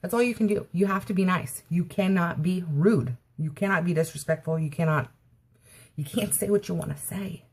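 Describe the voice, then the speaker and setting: Lady ranting a story time, kinda low and husky, keeps going "i said". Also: normal speed, darkish tone. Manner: indignant retelling, constantly quoting herself with "I said". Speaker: vlogger.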